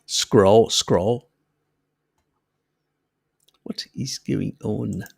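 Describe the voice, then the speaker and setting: A man's voice: fairly low pitch, drawn-out words, creaky, a little mellow, slightly rough, no room sound, clean studio sound. A man hosting a casual live stream, chatting with viewers, laughing often and swearing freely.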